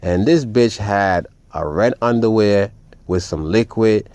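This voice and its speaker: A man telling a personal story in a casual, animated and profane way, often calling his listeners "family". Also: fairly low pitch, takes it slowly, no room sound. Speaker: vlogger.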